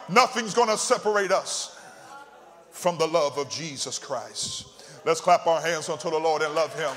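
A man's voice: a little high, normal speed, fairly bright tone, some chatter behind. A man preaching a fervent sermon as pastor, calling out to the congregation again and again. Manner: fervent preaching with repeated call-outs. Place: church sanctuary. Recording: echoey hall reverb.

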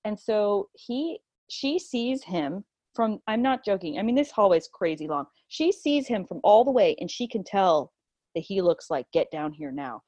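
A woman guest telling a personal story in conversation, animated and full of fillers, acting out the quotes. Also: mid-range voice, normal speed, dry recording. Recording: dull, lo-fi, dry.

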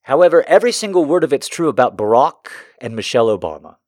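A man's voice: mid-range voice, very animated, quick pace, a little mellow, dry recording, studio quality. A man from the United States delivering a heated, profane and emotional political rant as a commentator.

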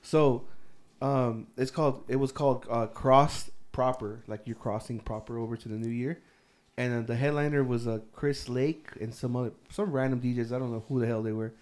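With a steady, slightly mellow mid-range voice at normal speed, a young man tells his friends a meandering story loaded with swearing, laughing as he goes in their casual chat.

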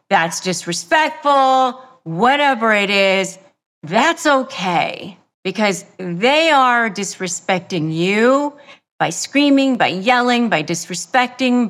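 Slow, deliberate woman giving advice. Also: medium pitch, a bit bright. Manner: slow, deliberate, repeats phrases for emphasis. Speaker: podcast host. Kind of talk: self-help advice monologue.

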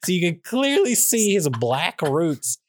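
A man's voice: on the high side, sing-song, unhurried, no echo, clean studio sound. A man co-hosting a casual movie review podcast, playful and emphatic, repeating phrases to build up jokes. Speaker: podcast co-host.

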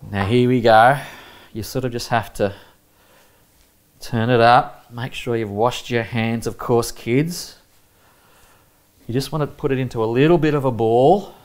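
Australian male preacher, earnest and direct, mid-range voice, sermon woven into a baking demo. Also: mid-range voice. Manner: earnest, emphatic, addresses listeners directly.

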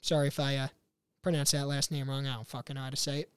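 A man's voice: mid-range voice, flat delivery, quick pace, smooth, no echo, studio quality. Profane young man riffing on news. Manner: blunt, profane, rambling with mocking put-on quotes. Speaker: podcast host. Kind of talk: casual commentary reading news.

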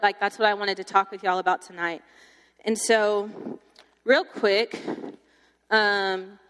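A young woman giving her testimony to a campus ministry group, telling it in a chatty, animated way with lots of fillers. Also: fairly high pitch. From Texas. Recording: long hall reverb.

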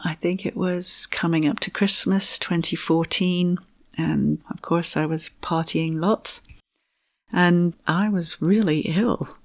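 Gravelly-voiced woman, giggly and animated. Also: fairly low pitch, slow. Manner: animated, giggly, acts out her own past thoughts. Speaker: fertility coach, guest. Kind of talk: candid interview storytelling.

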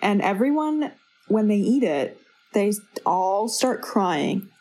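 A woman's voice: medium pitch, big pitch swings, slow pace, darkish tone, low-quality recording. A woman co-hosting a podcast, recapping casually, swearing offhandedly and finishing her co-host's sentences. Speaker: podcast co-host. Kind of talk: casual chat.

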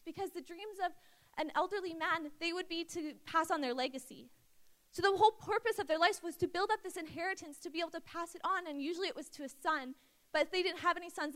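A young woman preaching a sermon in a conversational way, reading scripture and acting out the people in the story. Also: very high voice. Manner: conversational, acts out quotes with lively asides. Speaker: youth speaker.

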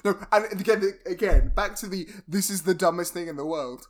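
A man's voice: high-pitched, fairly quick. A man recapping a film in casual chat, wry and mocking, often laughing as he talks. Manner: wry, mocking, laughs through his points.

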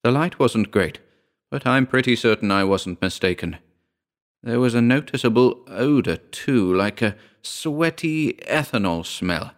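A man narrating a horror short story in a measured, hushed storytelling manner. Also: medium pitch, expressive.

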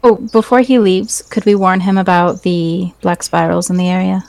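A woman's voice: on the low side, steady tone, moderate pace, gravelly, a little mellow, rough recording. Woman player organizing her party. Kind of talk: casual tabletop play.

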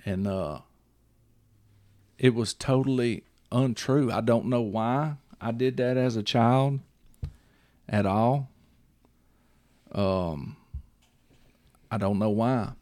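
Talking slowly and pausing often, this man has a mid-range, darkish voice recorded dry. As host of a casual chat he rambles and repeats himself, checking in with "you see what I'm saying."

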